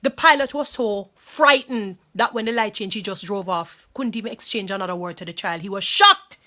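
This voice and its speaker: A distressed woman with a Jamaican accent delivers an impassioned monologue straight to her viewers. Her voice is bright and forceful, and she hammers her points home, repeating phrases and pleading. Her pitch stays in the middle for a woman. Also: brisk. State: distressed and angry.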